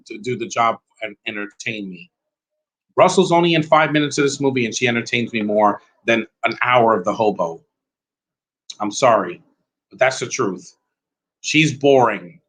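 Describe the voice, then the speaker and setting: A man's voice: medium pitch, normal speed, fairly bright tone, low-quality recording. Man ranting through a live movie commentary. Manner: rambling, opinionated, blunt.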